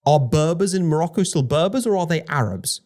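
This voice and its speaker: A man talking on a podcast, his voice sitting a little higher than most men's. He argues with energy and keeps firing rhetorical questions at his listener. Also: brisk. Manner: animated, argumentative, rhetorical questions. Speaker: podcast co-host. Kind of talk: conversational podcast discussion.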